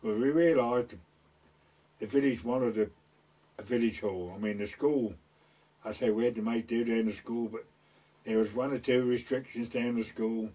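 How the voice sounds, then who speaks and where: A man's voice: mid-range voice, steady tone, moderate pace, long pauses, warm tone. An older man, telling folksy village stories in an oral history, rambling and acting out the people he quotes. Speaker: village elder recalling the past. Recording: voice from far off the mic.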